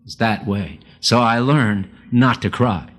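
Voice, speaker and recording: An older man from the Northeast preaching a sermon, folksy and self-deprecating, telling a personal story with sudden high, emphatic bursts. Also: takes it slowly. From United States.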